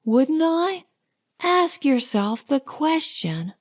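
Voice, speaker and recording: A woman voicing a proud, sharp-tongued young society woman in an audiobook, speaking slowly and with pointed distinctness. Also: high-pitched, big pitch swings, voice pushed up, exaggerated voice. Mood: cool, chiding. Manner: crisp and pointed, slow distinct delivery.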